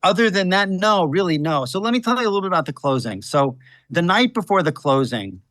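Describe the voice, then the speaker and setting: A man's voice: high voice, expressive, a bit bright, dry recording. Dry, storytelling man, a defense lawyer. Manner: storytelling, measured. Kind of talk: interview answers.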